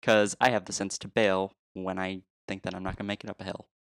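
A man's voice: low voice, flat delivery, fast, no room sound, studio quality. A man co-hosting a podcast, chatting casually and rambling with frequent laughs. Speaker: podcast co-host. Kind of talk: casual chat.

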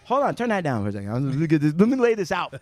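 A man's voice: a little high, racing, no echo, soft background music. A man hosting a podcast, telling stories in casual chat, joking and swearing as he goes. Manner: animated, profane, joking storyteller. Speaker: podcast host.

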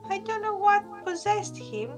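A woman's voice: extremely high pitch, sing-song, measured pace, over music, pitched above the performer's own voice, full character voice. A woman voicing a young female vampire who pretends to be a helpless child, stammering her pleas. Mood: pleading.

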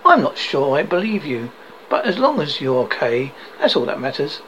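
A woman's voice: deep voice, sing-song, normal speed, a bit bright, a little hiss or hum, rough recording. A man reading the lines of a tearful, anxious young woman who blames herself, in a sobbing tone, in a storybook reading. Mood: upset.

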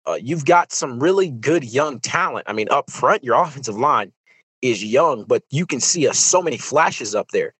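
A young man hosting a sports podcast in a casual, animated monologue. His voice sits at a middle pitch and sounds dry and close, with no room around it. He talks loosely, full of fillers and restarts. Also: normal speed, slightly rough, dry recording, poor audio. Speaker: podcast host.

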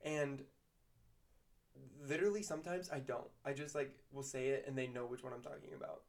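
A woman, an elementary school teacher, telling class stories in a lively casual chat. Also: extremely low pitch, a little fast. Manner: lively storytelling, bursts of laughter.

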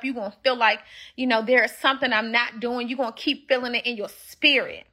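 A woman host giving a motivational talk on a livestream, her voice bright and a little high. She preaches at her listeners and keeps repeating herself to drive each point home. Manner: preachy, repetitive, addresses listeners directly.

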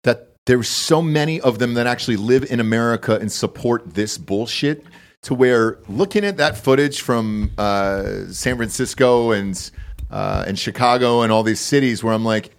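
A man's voice: medium pitch, normal speed. A man co-hosting a podcast in casual chat, worked up, rambling and swearing. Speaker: podcast co-host.

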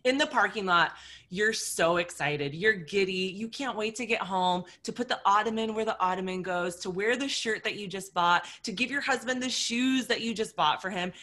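A woman coach talks in an animated storytelling way, slipping into quoted inner voices to make her point. Her voice is bright and forward, pitched in an ordinary middle range. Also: normal speed. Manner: vivid, acts out scenarios with quoted inner voices. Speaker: nutrition coach.

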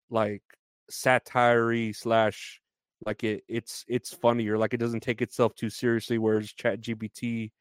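A man's voice: mid-range voice, clear, resonant tone, no room sound. A man hosting a casual solo podcast, rambling loosely with many fillers and frequent laughs. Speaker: podcast host.

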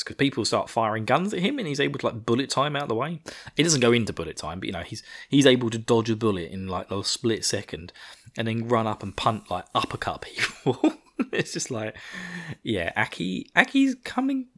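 A man's voice: on the low side, fairly bright tone. A man co-hosting a podcast, recapping an episode in a casual, rambling way and chuckling often. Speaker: podcast co-host. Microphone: podcast microphone.

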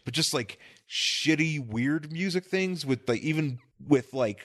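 A man's voice: fairly high pitch, expressive, measured pace, fairly bright tone. Male co-host, loose rambling podcast talk, keeps restarting his sentences. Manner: rambling, lots of fillers and restarts. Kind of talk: casual chat about comics.

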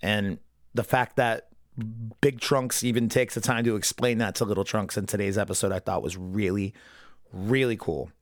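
A man giving a casual, rambling episode review as a podcast host, swearing freely and breaking into quick impressions of character lines. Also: lowish voice, fairly even intonation, no echo, studio quality. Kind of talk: casual unscripted commentary.

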